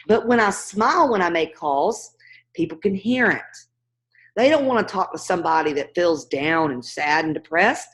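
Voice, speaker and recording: A woman's voice: mid-range voice, lively intonation, normal speed. A woman teaching a class on cold calling, upbeat and direct, speaking to her students by name. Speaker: real estate investing coach.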